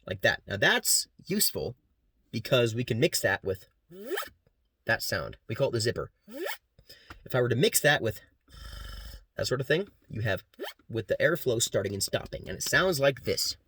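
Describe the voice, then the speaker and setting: A man's voice: mid-range voice, sing-song, sharp tone, slightly rough. Casual young man explaining beatboxing. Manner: casual, quick, demonstrates sounds between sentences. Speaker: student presenter. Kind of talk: class presentation with beatboxing demos.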